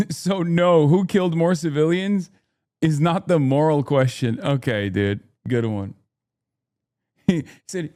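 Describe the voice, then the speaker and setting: A man's voice: fairly high pitch, a little slow, a little mellow. Sarcastic, swearing male streamer. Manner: sarcastic, profane, casual. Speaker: streamer host. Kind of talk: live reaction commentary.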